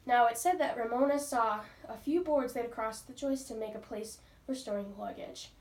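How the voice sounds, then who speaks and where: A woman's voice: a little high, normal speed. A woman teacher reading a book aloud to her class and stopping patiently to ask the pupils questions. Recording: roomy, from far off.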